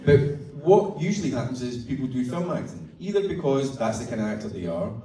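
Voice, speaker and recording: A man's voice: medium pitch, big pitch swings, fairly quick, mellow. Man telling stories onstage, echoey. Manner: chatty, swearing, laughing storyteller. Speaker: actor guest. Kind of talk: onstage festival interview. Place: festival event hall. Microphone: audience phone far from stage. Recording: echoey hall recorded from far off in audience.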